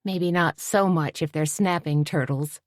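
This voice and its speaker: A level-headed café owner, voiced by a woman, calm and measured with a slightly raised pitch. She is played close to the narrator's own voice. The recording is dry. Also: no echo.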